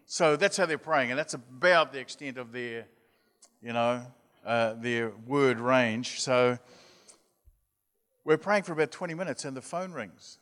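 A man's voice: mid-range voice, measured pace, fairly bright tone. A man preaching as a youth mission leader, telling an anecdote in a chatty way and acting out voices. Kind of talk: storytelling sermon. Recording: long hall reverb.

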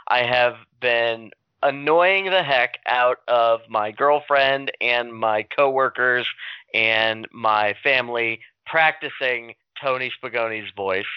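A man's voice: medium pitch, slow pace, clean tone, dry recording, dull audio. A man chatting casually on a group podcast, jokey and drawn out, with many fillers. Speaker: podcast co-host.

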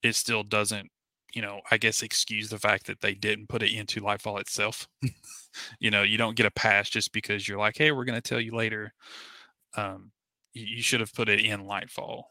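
A man's voice: fairly low pitch, flat delivery, normal speed, bright, forceful tone, no room sound. A man co-hosting a gaming podcast, talking casually and earnestly with many fillers and restarts. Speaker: podcast co-host. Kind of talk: casual chat.

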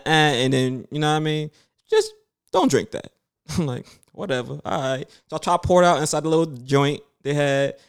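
30s guy, kinda high voice, telling a wild story casual, doing everybody's lines, cussing a lot. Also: clear, resonant tone. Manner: animated, acts out other people's lines, swears freely.

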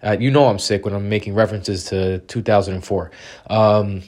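Male host, a bit under the weather, upbeat promo read, lowish voice. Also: steady tone, moderate pace, darkish tone. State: a little sick. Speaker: podcast host. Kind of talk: scripted show announcement.

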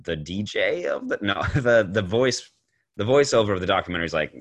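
A man's voice: low voice, lively intonation, normal speed, a bit bright. A man co-hosting a casual movie podcast, talking in an easygoing way with some fillers. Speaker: podcast co-host. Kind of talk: casual film discussion.

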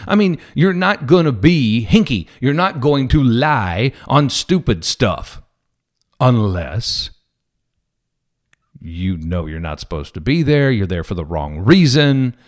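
A man's voice: mid-range voice, slow. A man who is a police officer, telling a story to viewers in a casual way and acting out the people in it. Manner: animated, acts out quoted people.

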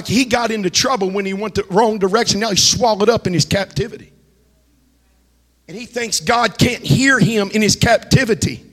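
A man preaching a sermon, fiery and shouting, often breaking into a chanted delivery. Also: sits high. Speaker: pastor. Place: church hall. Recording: reverberant church hall.

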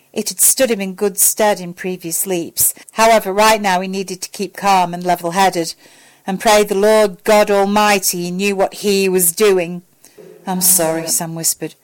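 A woman reading a fan fiction story aloud in a steady, measured narration. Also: lowish voice, poor audio. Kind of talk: audiobook narration.

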